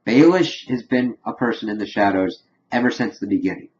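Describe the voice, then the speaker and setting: A man's voice: on the low side, animated, brisk, darkish tone, highs cut off. A young man casually reviewing a TV episode, retelling the scenes in a chatty way with loosely quoted dialogue.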